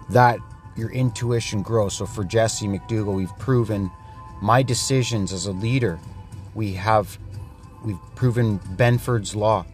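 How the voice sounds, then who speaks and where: A man with a fairly low voice delivers a podcast monologue in blunt, emphatic statements, often repeating a phrase. Faint music plays quietly underneath. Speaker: podcast host. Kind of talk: casual religious monologue.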